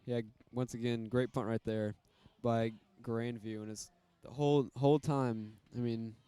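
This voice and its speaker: A man calling a high school football game, casual and rambling, with many fillers. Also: fairly even intonation, a little slow, warm tone, clean tone, dry recording. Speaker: play-by-play commentator.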